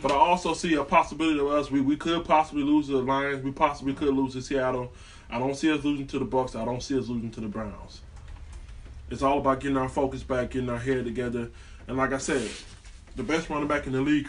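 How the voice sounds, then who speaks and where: A man's voice: mid-range voice, recorded from a distance, slight background noise. A man delivering a heated, profane, rambling sports rant as a fan vlogger.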